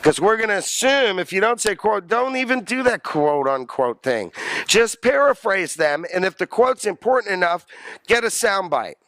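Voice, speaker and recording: Animated, high-voiced male lecturer. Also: moderate pace, no echo. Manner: animated, jokey, asks the class questions. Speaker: college lecturer. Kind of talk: classroom lecture.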